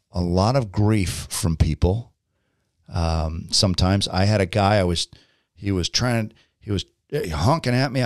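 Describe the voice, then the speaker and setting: A man's voice: lowish voice, no room sound, clean studio sound. A middle-aged man hosting his own podcast, telling a long story in a casual, rambling way with many ums and restarts. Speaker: podcast host.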